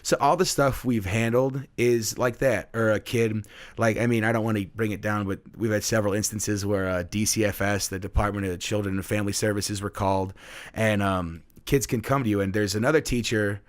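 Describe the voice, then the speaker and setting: Low-voiced man telling a lively story. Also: brisk. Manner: animated storyteller who acts out students in high voices. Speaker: middle school teacher, guest. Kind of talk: casual storytelling chat.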